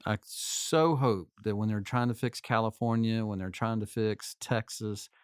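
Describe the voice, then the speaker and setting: A man's voice: fairly low pitch, fairly even intonation, unhurried, clear, resonant tone, no room sound, studio quality. Easygoing man co-hosting a sports show. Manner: chatty, easygoing, laughs along. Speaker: sports talk show co-host. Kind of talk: casual sports chat.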